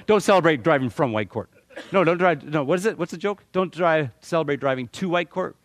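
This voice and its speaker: A middle-aged man from Canada giving a talk to a live audience, animated and joking, often repeating words as he restarts. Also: a little high, fairly quick, no echo. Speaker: motivational speaker.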